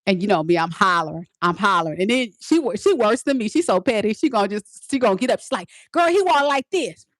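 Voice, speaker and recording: A woman, a teacher and tarot reader, casually telling her viewers a story in an animated, emphatic way, repeating lines for effect. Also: medium pitch, quick pace, dry recording, studio quality. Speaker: tarot reader and spiritual advisor.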